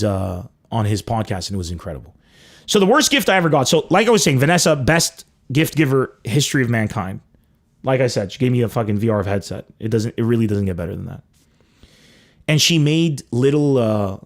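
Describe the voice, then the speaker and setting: A young man hosting a comedy podcast, telling stories in a loose, animated way and swearing freely. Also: mid-range voice. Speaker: podcast host. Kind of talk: casual comedic monologue.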